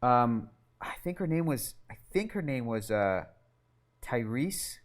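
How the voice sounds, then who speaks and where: A man telling a long childhood story as an interview guest, animated and swearing often, acting out what people said. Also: medium pitch, takes it slowly. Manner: animated and profane, acting out quotes.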